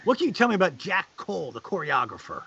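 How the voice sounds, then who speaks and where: Animated husky man with lively pitch. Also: fast talker, dry recording. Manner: animated anecdotes with loud high-pitched acted quotes. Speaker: guest on a charity live stream. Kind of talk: casual chat, storytelling. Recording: dull lo-fi stream audio.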